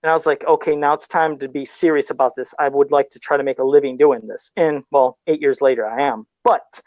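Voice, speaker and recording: A man's voice: mid-range voice, fairly even intonation, brisk, darkish tone, no room sound. A man guest on a casual podcast, a custom figure sculptor who tells stories in a rambling, self-deprecating way and chuckles often.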